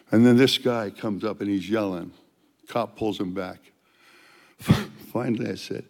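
An older man, a street evangelist, telling testimony stories in an animated way and loudly acting out the dialogue. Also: on the low side, a little slow, creaky, long pauses, long reverb tail. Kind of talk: storytelling testimony.

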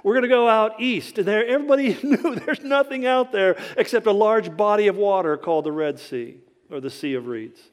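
A man preaching a sermon, telling the story with humor and lively acted-out quotes. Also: high voice, fairly quick, few pauses. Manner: animated storytelling with humor and dramatic quoted voices. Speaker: pastor. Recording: hall reverb.

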